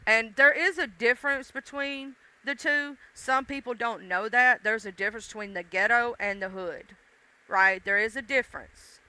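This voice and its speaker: A woman's voice: fairly high pitch, normal speed, bright, forceful tone, smooth. A woman with a mixed Southern US accent, hosting a casual live stream and chatting straight to her viewers in a folksy, casually profane way. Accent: Southern US, mixed country and urban. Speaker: livestream host.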